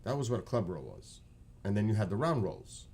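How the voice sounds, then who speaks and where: A man's voice: lowish voice, wildly swooping pitch, a little fast, vocal fry, a little mellow, breathy edge. A man with a New York accent, chatting casually on his live stream, rambling and joking.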